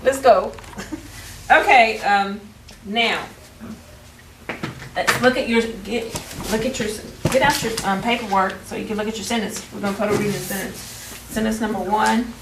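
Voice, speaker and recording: Teacher, woman, patient prompting, mid pitch, recorded far from the mic in a reverberant room. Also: steady tone, normal speed, pauses often. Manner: patient, prompting students, restarting phrases. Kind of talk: classroom phonics lesson. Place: classroom. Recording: roomy, distant, faint background noise.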